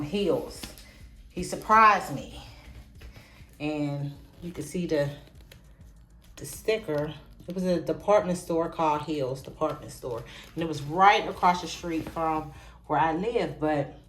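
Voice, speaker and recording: Woman in her 40s, low voice, chatty and easily excited, echoey room. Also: slight background noise. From Pittsburgh, USA. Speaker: vlogger. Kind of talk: casual nostalgic show-and-tell. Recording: echoey room with soft background music.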